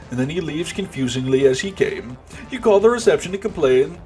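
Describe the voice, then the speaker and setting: A man's voice: fairly high pitch, lively intonation, fairly quick, darkish tone, faint music behind. A man narrating a comedic role-play game as game master, casual and joking, and he swears freely.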